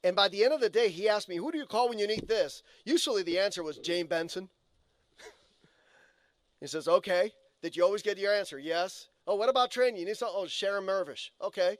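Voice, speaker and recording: High-voiced man giving an earnest eulogy. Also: a little fast, no room sound. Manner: earnest storytelling with quoted asides. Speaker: eulogy speaker, colleague. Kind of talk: memorial eulogy. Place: funeral home chapel.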